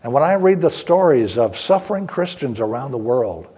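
A man preaching a sermon in an earnest, steady way, slowing down on key words for emphasis. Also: medium pitch, slightly rough, big-room sound. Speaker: pastor.

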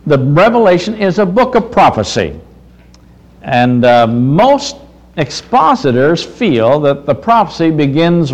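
A man's voice: a little high, low-quality recording. A man preaching a Bible study sermon to his congregation, conversational and full of pointed questions. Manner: animated preaching with rising questions, addresses "dear friend"; many fillers and restarts, conversational. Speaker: pastor.

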